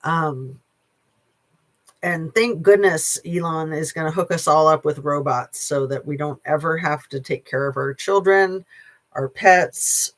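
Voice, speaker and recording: Slow, sarcastic rambling commentator. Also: mid-range voice. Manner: sarcastic, rambling, with many filler pauses; blunt, swears casually. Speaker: channel host, news commentator. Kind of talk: casual opinion commentary.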